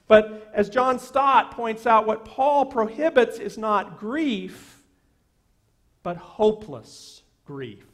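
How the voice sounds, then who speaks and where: A man pastor delivering a sermon in a church, earnest and emphatic, repeating key phrases slowly. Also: high voice. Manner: earnest preaching with slow, emphatic repetitions. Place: church sanctuary.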